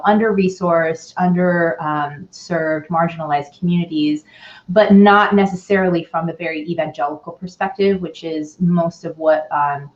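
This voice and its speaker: A chatty woman from the East Coast speaks as a guest on a panel, her voice a little low and full of fillers. The sound is muffled, as if over a video call. Her room echoes noticeably. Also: a little mellow. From US East Coast, New York and Philadelphia area. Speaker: guest, youth ministry leader. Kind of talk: casual online panel conversation.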